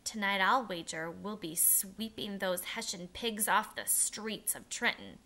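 A woman voicing a heavy-set, gruff male army captain who talks in a low, pushy, coaxing way while reading a storybook aloud. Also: expressive, unhurried, pushed and bright.

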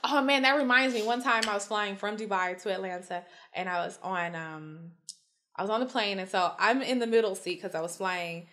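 With a mid-range, bright and forceful voice at normal speed, this young podcast co-host chats and spins animated stories. Her humor is blunt and profane: she swears freely, laughs often and performs the voices of the people she describes.

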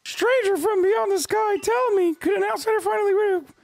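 A man doing a squeaky, exaggerated falsetto voice for an earnest fantasy clan warden while reading game dialogue aloud. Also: a little fast, vocal fry, faint music behind. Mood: urgent.

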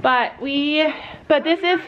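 Giggly high-voiced woman vlogging at a barn. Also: slow pace, muffled recording, slight background noise. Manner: giggly and chatty, often laughing. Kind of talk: casual family vlog chat. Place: outdoors at a horse barn.

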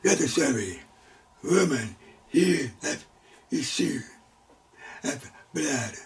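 A man teaching a Sunday school Bible lesson in halting, broken phrases, sometimes bursting out loudly. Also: fairly high pitch, very animated, recorded from a distance. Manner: halting, broken phrases with sudden loud exclamations. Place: church classroom.

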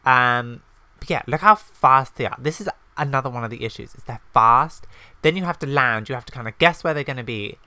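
A man's voice: medium pitch, expressive, a little fast, sharp tone, smooth, no room sound. A man giving casual let's-play commentary on his own gameplay, chatty and easily flustered, exclaiming again and again when things go wrong. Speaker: gaming YouTuber.

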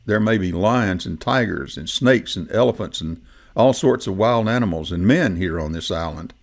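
A man reading the part of a firm, adventurous old male rabbit gentleman in a storybook, in a plain reading voice. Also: low-pitched, expressive, normal speed, vocal fry, full character voice.

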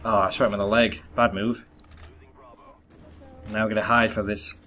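A man's voice: fairly low pitch, little pitch movement, moderate pace, bright, forceful tone, a little hiss or hum. A young man doing live gameplay commentary, talking to viewers and groaning at his misses. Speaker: gaming YouTuber. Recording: faint gunfire and game sounds.

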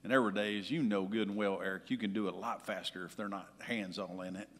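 A man's voice: on the low side, fairly even intonation, quick pace. Man preaching in a reverberant church hall. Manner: storytelling, swings from loud to hushed. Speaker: pastor. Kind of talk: sermon.

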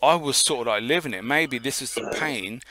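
A man's voice: mid-range voice, a little fast, background noise. A man co-hosting a casual podcast, telling a long story in a rambling way and swearing often. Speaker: podcast co-host.

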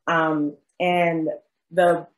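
A woman's voice: sits low, level tone, extremely slow, rough recording. A young adult woman, a physician guest, telling a story in a casual interview, acting out quotes and laughing often. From South Jersey.

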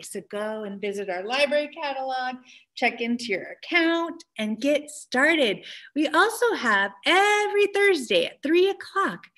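Cheerful high-voiced librarian, slow and encouraging. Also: female voice, fairly bright tone. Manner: cheerful, encouraging, talks to young children. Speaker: children's librarian. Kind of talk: children's story time.

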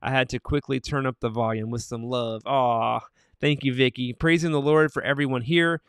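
A man hosts a Christian morning livestream, reading viewers' comments aloud and replying to each by name. His voice is smooth and clear at a middle pitch. The sound is dry and close, with no room echo. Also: fairly even intonation, normal speed. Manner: friendly, reads comments and answers each viewer by name, soft-spoken on sad news.

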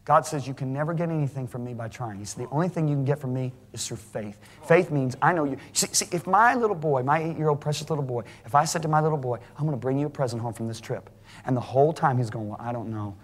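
A man preaching a sermon to a congregation, emphatic and rising to near shouting at high points. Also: fast. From United States. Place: large church hall. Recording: live sermon in a reverberant hall.

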